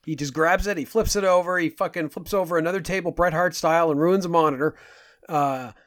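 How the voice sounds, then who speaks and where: Male podcast co-host, irreverent and loose, a bit high-pitched, dry. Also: fairly quick, no room sound. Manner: loose, irreverent, swears freely. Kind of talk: casual film discussion.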